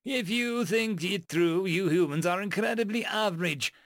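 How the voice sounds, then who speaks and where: A man doing a pedantic alien crewmate, a touch high. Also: moderate pace, a bit bright, dry recording, studio quality. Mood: explaining. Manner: matter-of-fact, over-explaining.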